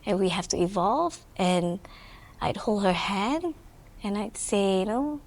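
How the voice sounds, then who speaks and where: A woman's voice: mid-range voice, expressive, measured pace. A woman entrepreneur with a Malaysian accent, speaking earnestly in an interview and mixing Malay words into her English. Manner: earnest, mixing English with Malay fillers, frequent "you know". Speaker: entrepreneur and guest. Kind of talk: reflective interview chat.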